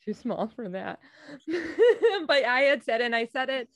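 Potty-mouthed comedian lady hosting a chat, lively up and down voice, dry close sound. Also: fairly high pitch, unhurried, no echo. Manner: profane, blunt, laughs loudly. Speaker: podcast host. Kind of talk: casual chat.

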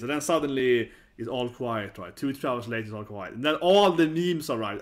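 A Swedish man with a Swedish accent, speaking English as a second language, chats to camera in a loose, rambling way. He keeps dropping in "right?" and restarting his sentences. His voice sits at an ordinary middle pitch for a man. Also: expressive, normal speed. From Sweden. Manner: gets louder and higher when amused. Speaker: vlogger. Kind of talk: casual commentary to camera.

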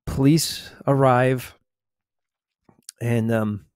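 A man tells a true story from his past in a calm ASMR narration, stumbling over fillers and repeated words. His voice sits in a middle range and is recorded close and dry. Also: mid-range voice, drawn-out words, clear, resonant tone, no echo. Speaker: former store loss prevention officer.

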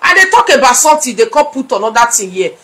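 A woman's voice: fairly high pitch, sing-song, fast talker, fairly bright tone. A middle-aged woman with a Nigerian accent, talking to her audience in a casual vlog and scolding them in a chatty mix of Pidgin and English. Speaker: blogger.

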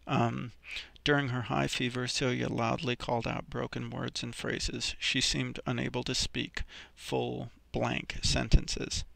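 Gravelly-voiced man teaching vocabulary. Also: medium pitch, flat delivery, measured pace, few pauses, a bit bright, dry recording. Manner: explains step by step, with many fillers and restarts. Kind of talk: recorded vocabulary lesson.

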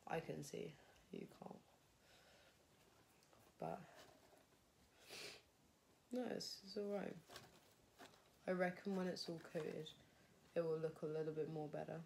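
Chatty young woman with a gravelly voice. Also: low voice, fairly even intonation, measured pace, pauses often, darkish tone, slight background noise. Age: young adult. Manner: chatty, thinking aloud, self-deprecating. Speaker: fashion design student. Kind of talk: casual vlog narration while crafting.

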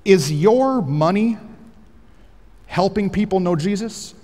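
A pastor preaching a sermon on a headset mic in a large church auditorium, energetic and joking, rising to shouts for emphasis. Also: male voice, high-pitched, slow pace, in a large hall.

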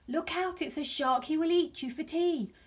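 A woman voicing a cheeky, naughty little male fish who loves scaring others with shrill shouted pranks. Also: expressive, unhurried. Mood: mischievous shouting.

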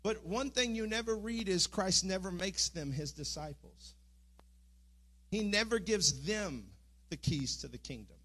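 A middle-aged man preaches a sermon in a church, his voice sitting a touch high for a man. He speaks earnestly, often with halting restarts, and climbs into impassioned pleading. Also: fairly bright tone. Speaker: pastor. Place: church sanctuary.

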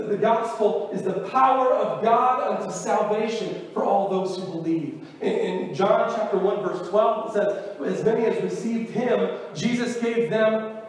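Young male preacher, high-pitched and earnest; echoey sanctuary, light room noise. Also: unhurried. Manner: earnest, conversational preaching with rising emphatic exhortations. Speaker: pastor. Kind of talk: sermon. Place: church sanctuary. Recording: echoey church hall with reverb.

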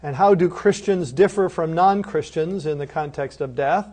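A man giving a recorded course lecture, emphatic, asking rhetorical questions and answering them himself, slowing down and dropping softly on key phrases. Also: a little high. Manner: slows right down and drops softly on key phrases. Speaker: seminary lecturer.

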